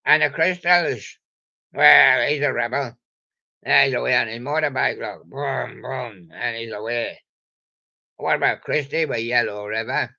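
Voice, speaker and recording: A man's voice: mid-range voice, measured pace, vocal fry, sharp tone, lo-fi sound. An older man rambling playfully to himself in a meandering solo monologue. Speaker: vlogger.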